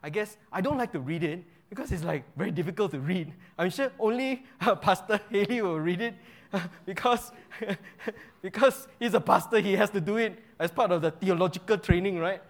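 High-voiced Singaporean man preaching. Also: moderate pace. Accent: Singaporean English. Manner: animated, asks audience questions, uses local slang. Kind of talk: Bible teaching sermon.

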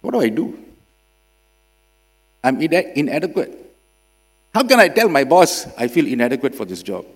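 Man, preacher, sermon, lively pitch, long hall reverb, mains hum. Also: normal speed, pauses often, husky. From Singapore. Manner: dramatic swings between loud emphasis and quiet drops.

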